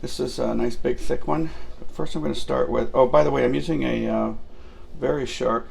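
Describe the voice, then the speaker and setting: A man walks through a recipe in his home kitchen, chatting loosely and filling gaps with "uh" and "um." His voice has a gravelly, fry-heavy edge. He teases himself as he goes, in an easygoing cooking-show manner. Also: medium pitch, fairly even intonation, normal speed. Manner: rambling and self-mocking, with many fillers. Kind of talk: casual cooking demonstration.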